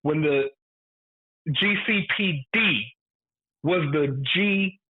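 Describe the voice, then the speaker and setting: Emphatic high-voiced man on a tinny line. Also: extremely slow, husky. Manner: emphatic, repeats lines for effect, swears freely. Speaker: podcast co-host. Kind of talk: casual movie review chat. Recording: narrow phone-like sound.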